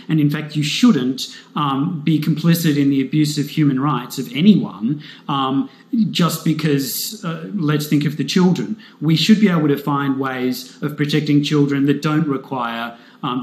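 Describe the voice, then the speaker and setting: A man speaking for a foundation in an interview, answering in a measured way with frequent pauses and fillers. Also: fairly high pitch, darkish tone. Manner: measured, frequent ums and you-knows. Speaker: foundation spokesperson. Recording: roomy echo.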